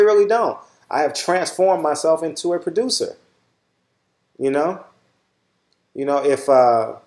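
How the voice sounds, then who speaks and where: A man's voice: medium pitch, darkish tone, reverberant. A middle-aged man with a Southern Californian accent, hosting his own channel and lecturing his viewers bluntly, swearing freely and asking "all right?" again and again. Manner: repeats "all right?" often. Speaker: channel host. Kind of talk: casual monologue to viewers.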